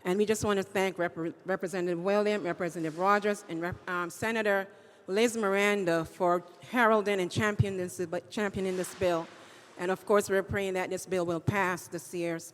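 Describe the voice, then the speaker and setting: A woman, executive director of an advocacy group, giving an earnest formal welcome speech and thanking supporters. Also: mid-range voice. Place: large hall at a state house. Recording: echoey hall reverb.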